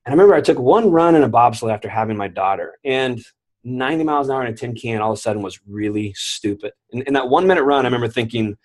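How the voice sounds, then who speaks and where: Husky fast-talking man. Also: medium pitch. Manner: animated, acts out quoted voices. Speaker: guest. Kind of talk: storytelling interview.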